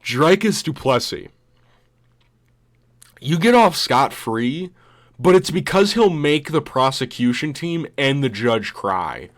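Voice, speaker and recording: A man's voice: mid-range voice, very animated, slow pace. A young man in casual commentary with a mid-range voice. He rambles, swears freely and laughs as he goes. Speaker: vlogger.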